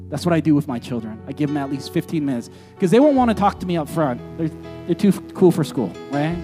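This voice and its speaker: A man preaching a sermon as pastor, emphatic and animated, moving between loud urgent lines and quiet, slow ones. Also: high-pitched.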